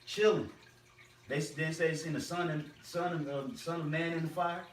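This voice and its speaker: A man's voice: on the high side, fairly even intonation, a little fast. Emphatic preaching man, roomy distant sound. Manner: emphatic, repetitive, uses slang. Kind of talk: preaching group discussion. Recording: roomy and distant with faint noise.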